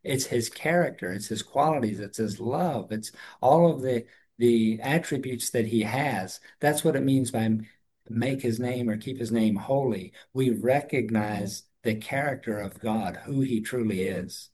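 A man's voice: mid-range voice, measured pace, darkish tone, breathy edge. A man co-hosting a conversational Bible study, talking in an earnest, thoughtful way with frequent restarts. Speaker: co-host of a Bible discussion.

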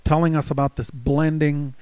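Man reading scripture slowly, dry sound. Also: on the high side, flat delivery, darkish tone, clean tone, no echo. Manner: reads scripture slowly and deliberately, thoughtful. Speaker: co-host of a Bible study show. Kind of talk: conversational Bible study.

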